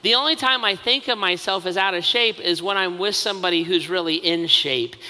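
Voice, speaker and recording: Talking fairly quickly, this pastor's high, sharply bright voice carries through a large hall with a lingering reverb tail. He keeps slipping in asides, poking fun at himself in a conversational style.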